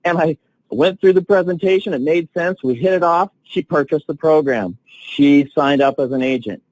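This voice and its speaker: A man coaching salespeople on a training call, telling stories with excitement and lively swings in his voice. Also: a little high, normal speed, dry recording, low-quality recording. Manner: enthusiastic, animated storytelling with big swings.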